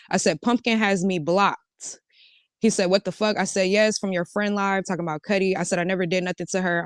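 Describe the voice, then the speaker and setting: A woman's voice: mid-range voice, clear, resonant tone, no room sound, studio quality. A woman telling a casual storytime, reading out a chat exchange line by line and switching between "he said" and "I said". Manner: recounts a back-and-forth, switching between "he said" and "I said". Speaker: storytime vlogger.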